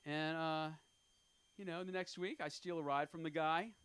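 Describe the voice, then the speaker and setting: A man's voice: on the high side, steady tone, moderate pace, fairly bright tone, clear, resonant tone. Rambling self-deprecating man in his fifties. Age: 50s. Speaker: stand-up comedian. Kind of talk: open-mic stand-up set. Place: comedy club stage.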